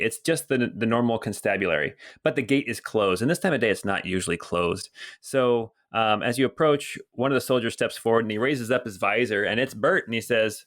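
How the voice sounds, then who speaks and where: A man narrating as game master of a tabletop game, relaxed and rambling with many ums. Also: medium pitch.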